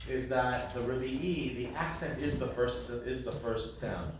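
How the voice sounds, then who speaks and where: Slow, chanting cantor in an echoey room. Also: male voice, mid-range voice, background noise. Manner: slow, patient, chants trope names and phrases. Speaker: cantor teaching Torah trope. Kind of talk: online class, chanting trope examples. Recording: echoey room, mic at a distance.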